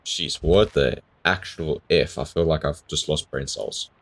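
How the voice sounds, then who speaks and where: A man's voice: a bass voice, unhurried. A man doing let's play commentary, reading game text aloud with bemused asides. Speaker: gamer.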